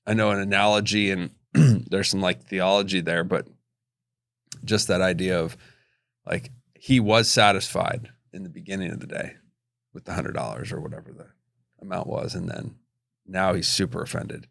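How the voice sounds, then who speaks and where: A man co-hosting a casual faith podcast, retelling a story haltingly with many restarts. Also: low-pitched, steady tone, creaky, fairly bright tone, dry recording, clean studio sound. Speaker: podcast co-host.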